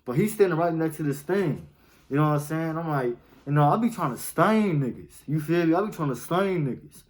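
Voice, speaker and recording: A man's voice: fairly high pitch, animated, brisk, low-quality recording. A young man, telling a story in casual, slang-heavy talk and often asking "you feel me.". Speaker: storytime vlogger.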